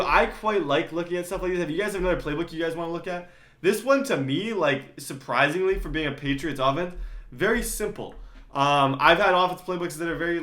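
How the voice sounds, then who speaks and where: A man's voice: fairly high pitch, a bit bright, roomy sound. A young man giving a casual, rambling vlog commentary with lots of fillers. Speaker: YouTuber.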